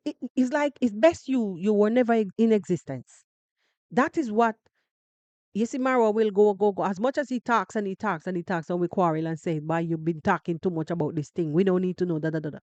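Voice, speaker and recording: A woman from Jamaica with a Jamaican accent, giving animated, emphatic commentary on a live podcast and repeating phrases for effect. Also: medium pitch, no room sound. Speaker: podcast host.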